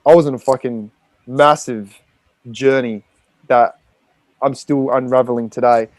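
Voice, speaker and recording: A man's voice: medium pitch, fairly even intonation, a little slow, no echo. Blunt, swearing Australian man telling his story. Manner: raw, profane, rambling with many fillers. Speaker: podcast guest. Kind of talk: candid personal storytelling.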